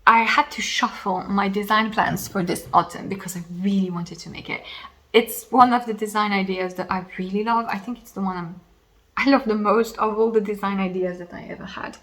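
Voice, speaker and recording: A woman's voice: mid-range voice, fairly bright tone. A woman hosting a knitting podcast in casual, rambling chat at home, slightly losing her voice, with self-deprecating asides.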